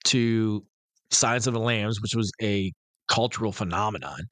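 A man's voice: lowish voice, normal speed, no echo. A man in his thirties co-hosting a casual podcast, telling stories with lots of laughter and acted-out quotes. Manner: animated storyteller, acts out quotes, laughs often. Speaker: podcast co-host. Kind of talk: casual chat.

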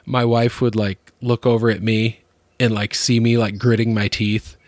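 A man telling stories in casual chat, animated, laughing and swearing often. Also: on the low side, normal speed, dry recording, clean studio sound.

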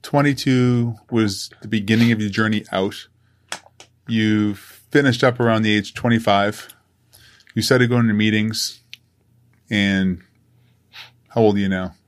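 A man's voice: on the low side, steady tone, measured pace, long pauses. A man hosting a podcast interview, engaged and asking summarizing questions. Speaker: podcast host. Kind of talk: conversational interview.

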